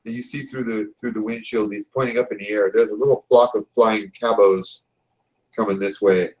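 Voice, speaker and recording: A man narrating a tabletop game as game master, telling the scene in a relaxed, casual way. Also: on the low side, moderate pace, poor audio. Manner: relaxed storytelling with casual fillers.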